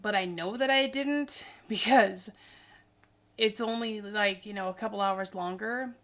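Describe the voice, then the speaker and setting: This is a tired, chatty vlogger in her forties from Idaho, US, chatting casually in a rambling, goofy way. Her voice is mid-range and a bit bright, and her pace is measured.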